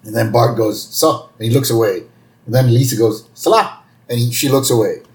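A man co-hosting a podcast, casually recapping a cartoon episode and acting out the characters' lines with loud bursts. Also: medium pitch, fairly even intonation, fast talker. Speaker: podcast co-host. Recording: roomy echoey sound.

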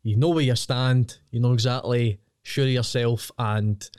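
A man's voice: mid-range voice, steady tone, measured pace, darkish tone, clear, resonant tone, no echo. A young adult man with a Scottish accent, a podcast guest speaking bluntly with dry, sweary humor. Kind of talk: casual chat.

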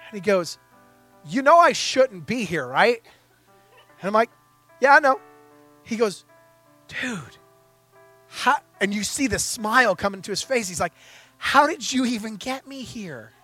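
A young man delivers a storytelling sermon, acting out each person's lines as he goes. His voice sits high and comes across bright and forceful. Soft music plays faintly under him. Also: unhurried, long pauses. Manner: animated storyteller acting out dialogue. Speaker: pastor.

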